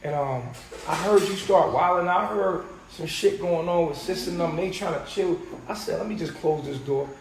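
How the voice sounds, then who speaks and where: A man with a high voice talks heatedly, swears often and acts out past conversations. The sound is roomy and echoey, with a faint hiss underneath. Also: moderate pace. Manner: animated, profane, retells quotes. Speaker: podcast host. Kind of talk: heated casual group talk. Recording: roomy echo with faint noise.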